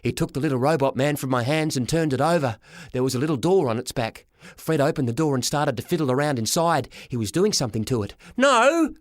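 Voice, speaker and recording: A man narrating a children's story as a boy, with a lively, dramatic reading. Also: mid-range voice, fast, no room sound, clean studio sound. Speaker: audiobook reader. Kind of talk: storybook narration in a boy's first person.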